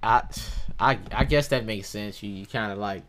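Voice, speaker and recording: A man's voice: lowish voice, normal speed, fairly bright tone, a little hiss or hum. A young man in a casual chat with friends, joking, laughing often and acting out stories.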